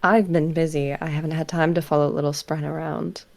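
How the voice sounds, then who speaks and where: A tired, guarded scholar with a low, gravelly voice, played by a woman, answering with dry wit. Her tone stays wry and weary. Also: flat delivery, fairly quick.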